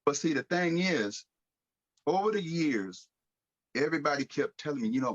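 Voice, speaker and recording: A man telling his life story on a podcast in a casual, animated way, acting out the dialogue he quotes. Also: a little high, normal speed, long pauses, highs cut off. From United States. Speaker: podcast guest.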